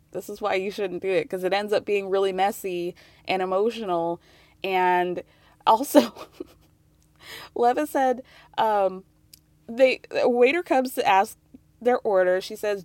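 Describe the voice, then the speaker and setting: A woman with a mid-range voice runs a casual podcast recap, loose and sarcastic, slipping into quick quotes of the people she mocks. She sits close to the mic in a dead, dry space. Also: mid-range voice, a little mellow, no room sound. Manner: chatty and sarcastic, laughs often, drifts in and out of quoting. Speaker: podcast host.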